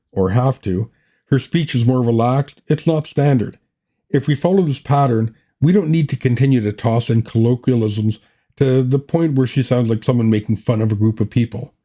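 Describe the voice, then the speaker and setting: A man hosting a writing podcast, giving a scripted lesson in a measured, matter-of-fact way. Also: mid-range voice, warm tone. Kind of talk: scripted teaching talk.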